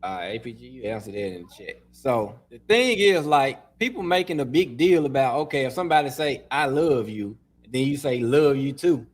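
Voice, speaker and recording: A man co-hosting a podcast, asking questions in a relaxed, casual chat. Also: mid-range voice, normal speed, few pauses. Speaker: podcast co-host.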